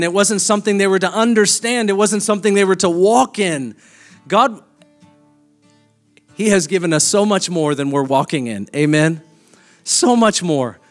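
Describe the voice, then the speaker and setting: A pastor preaching a sermon with emphatic, repeated declarations. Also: male voice, high voice.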